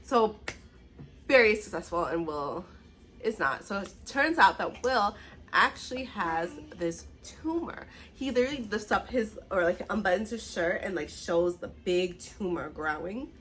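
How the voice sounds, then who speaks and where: A young woman chatting casually in a reading vlog, recapping a book with lots of "like" and quick reactions. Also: mid-range voice, slight background noise, rough recording. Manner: animated, chatty, fillers like "like". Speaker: book vlogger.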